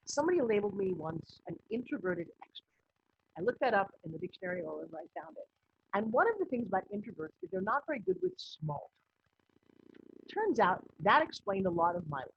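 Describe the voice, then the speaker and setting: A woman business coach giving a recorded online course lesson in a lively, conversational way, acting out bits of dialogue. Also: mid-range voice, husky. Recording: slightly muffled lo-fi audio.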